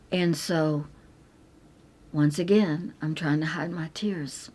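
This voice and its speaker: Slow, low-voiced woman giving testimony. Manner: earnest and tender, dropping to a soft whisper at emotional moments. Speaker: Christian speaker sharing her testimony. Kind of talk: personal faith testimony.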